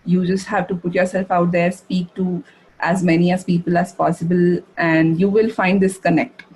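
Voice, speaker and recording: A woman giving a masterclass, answering audience questions in a halting way, with many fillers and restarts. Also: fairly low pitch, flat delivery, darkish tone, breathy edge, rough recording. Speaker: masterclass speaker. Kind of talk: live webinar Q&A answers.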